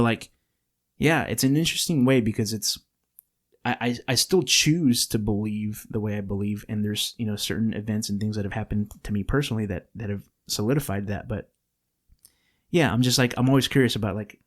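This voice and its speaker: A man's voice: lowish voice, fairly quick. A man from California hosting a podcast, chatting casually in a studio, rambling with many restarts and fillers. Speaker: podcast host.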